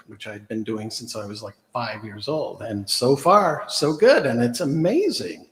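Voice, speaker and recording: A man giving a relaxed, chatty sermon at a church service, with many fillers. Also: medium pitch. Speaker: guest speaker at a church service. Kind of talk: casual sermon with a joke. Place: church hall. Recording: echoey hall, long reverb.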